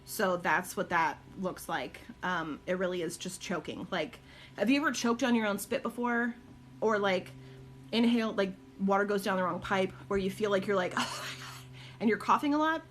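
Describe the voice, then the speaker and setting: A middle-aged woman chatting casually on a live stream from her home, answering viewer questions with many ums and likes. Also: moderate pace. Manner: high cooing baby talk to her dogs. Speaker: live-stream host and caregiver mom.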